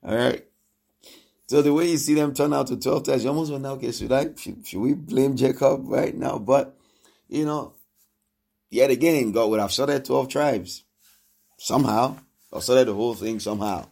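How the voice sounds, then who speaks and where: This preacher has a medium-pitched, creaky voice, speaking at a moderate pace with long pauses. His sermon is emphatic and repetitive; he asks his listeners questions and acts out quoted speech, his volume swinging abruptly.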